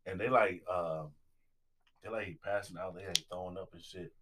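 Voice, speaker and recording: A man's voice: deep voice, fairly even intonation, moderate pace, very noisy. Laid-back young man hosting a podcast. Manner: loose, joking, drags out words when reading a plug. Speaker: podcast host. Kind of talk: casual chat.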